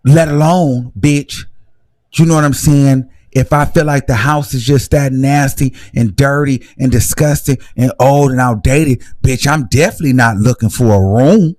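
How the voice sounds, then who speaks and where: A man hosting a live reaction commentary, talking in a sassy, animated gossip style. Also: medium pitch, moderate pace, no room sound. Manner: sassy, animated gossip with shrieking laughs and mock voices. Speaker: commentary host.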